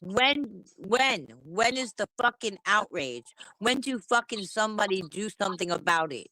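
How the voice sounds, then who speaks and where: A woman's voice: medium pitch, expressive, normal speed, sharp tone, no room sound, rough recording. A woman with a New York accent co-hosting a livestream, ranting angrily and swearing, with repeated rhetorical questions. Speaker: livestream co-host. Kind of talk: angry livestream rant.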